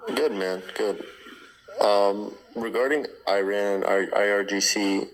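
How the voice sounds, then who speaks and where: Low-voiced, insistent male caller. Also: a little slow, rough recording. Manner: insistent, preachy. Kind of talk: casual call-in talk.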